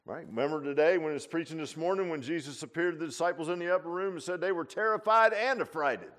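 A pastor with a fast, somewhat high voice preaches an informal sermon. He's animated and folksy, throwing in laughs and rhetorical asides.

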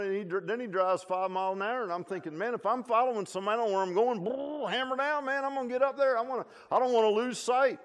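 A man preaching a sermon as pastor, folksy and conversational, swinging between loud emphatic calls and low, quiet asides.

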